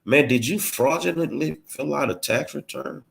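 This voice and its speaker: A political commentary host delivers a blunt, combative monologue packed with rhetorical questions, in a streetwise style. His voice sits on the high side, creaky and fairly bright, at a moderate pace.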